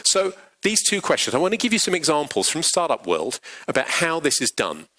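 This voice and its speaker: A man giving a pitch coaching workshop, animated and acting out example quotes. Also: fairly quick, poor audio. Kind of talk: workshop talk. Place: large workshop venue.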